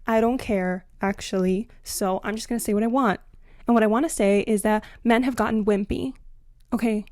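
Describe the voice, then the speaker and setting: A woman's voice: on the high side, steady tone, normal speed, no room sound. Blunt, exasperated young woman ranting. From Latina. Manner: blunt, exasperated, sarcastic, swings loud and soft. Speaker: comedic commentary host. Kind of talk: scripted comedic rant to camera.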